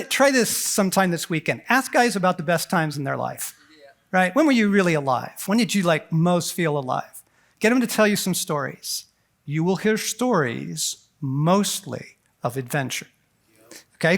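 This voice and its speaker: High-voiced, animated man preaching at a conference. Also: moderate pace, creaky. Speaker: conference speaker. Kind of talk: lively sermon-style talk to a men's conference. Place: conference hall.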